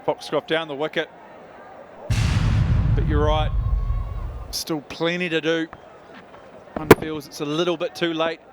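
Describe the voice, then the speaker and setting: A man commentating on cricket in a measured, matter-of-fact way. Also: a little high, little pitch movement, heavy background noise. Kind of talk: live sports commentary.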